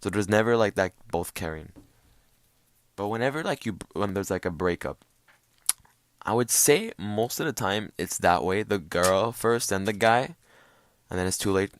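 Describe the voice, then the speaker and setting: A man's voice: fairly low pitch, animated, normal speed, pauses often, no room sound. A young man hosting a solo podcast, rambling and swearing as he acts out little quoted voices. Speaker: podcast host. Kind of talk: casual solo podcast rant.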